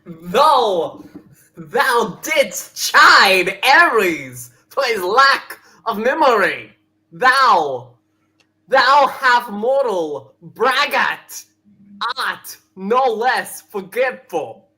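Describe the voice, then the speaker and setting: A woman voicing a boastful male underworld god from a comic, speaking in grand archaic words and deliberately overacting. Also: fairly high pitch, sing-song, bright, forceful tone, heavily acted, low-quality recording. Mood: haughty.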